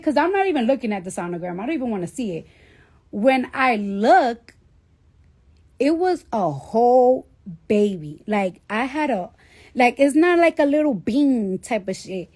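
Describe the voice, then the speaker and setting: A woman's voice: fairly high pitch, very animated, unhurried, long pauses, a little mellow. A woman in her thirties telling a personal story casually, with blunt, profane talk and lots of fillers. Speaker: celebrity on a livestream.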